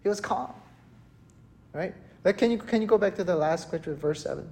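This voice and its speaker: A male pastor preaching a sermon in a church, telling a story with animated, acted-out panic. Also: high-pitched, fairly quick. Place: church hall.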